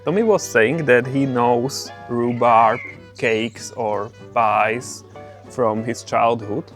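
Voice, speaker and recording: A man's voice: medium pitch, slow pace, faint music behind. A cheerful man co-hosting a homesteading vlog, chatting casually outdoors in a garden and laughing often. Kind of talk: casual chat.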